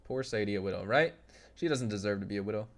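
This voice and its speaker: A man's voice: on the low side, expressive, fast. A young adult man hosting a casual game live stream. He reads out and answers chat in a loose, joking way and laughs often. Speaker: gaming streamer.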